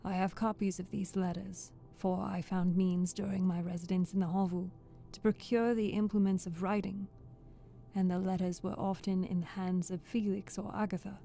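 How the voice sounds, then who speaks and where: A woman reads aloud in a soft-spoken ASMR style, her voice mellow and a little gravelly. She stays level and unhurried, often going back to repeat a phrase, and faint music plays behind her. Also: medium pitch. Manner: steady, careful reading that restarts phrases. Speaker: audiobook reader.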